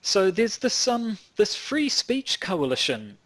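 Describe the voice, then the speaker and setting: A man's voice: sits high, big pitch swings, slow, a bit bright, dry recording. A man from New Zealand co-hosting a casual podcast, talking in a rambling way with many restarts and fillers. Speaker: podcast co-host.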